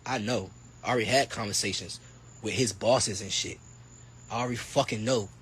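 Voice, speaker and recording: A man's voice: fairly low pitch, a little fast, a bit bright, slight background noise. A young man in his twenties, a boxer, talking boastfully with a lot of swearing and mockery. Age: 20s. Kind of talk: heated interview clip.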